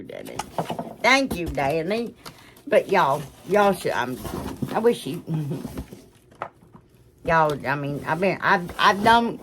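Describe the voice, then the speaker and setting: A woman's voice: fairly low pitch, a bit bright, slight background noise. A woman hosting a crafting vlog, gushing and rambling, emotional and close to tears as she thanks her viewers. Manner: gushing, rambling, restarts often. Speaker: craft channel host. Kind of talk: casual crafting chat to viewers.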